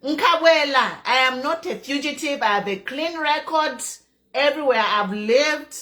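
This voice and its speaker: A middle-aged Zambian woman delivers impassioned political commentary online in a high, expressive, unhurried voice with a sharp edge. She's emphatic, repeating key phrases and mixing in local language.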